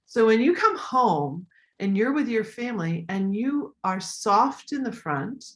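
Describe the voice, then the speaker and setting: A woman coach giving tips in a live online talk, animated, acting out voices as she demonstrates them. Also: on the high side, unhurried. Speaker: voice and communication coach.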